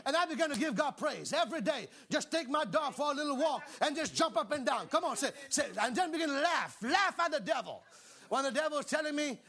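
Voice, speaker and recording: A man preaching an exuberant sermon, often shouting and laughing, calling on the congregation to respond. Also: very high-pitched, sing-song, brisk.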